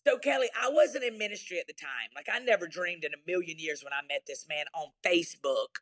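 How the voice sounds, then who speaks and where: A woman's voice: lowish voice, animated, a little fast, fairly bright tone. Emphatic Southern woman pastor. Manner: emphatic, folksy preacher's delivery. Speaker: pastor and guest. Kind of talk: candid interview talk.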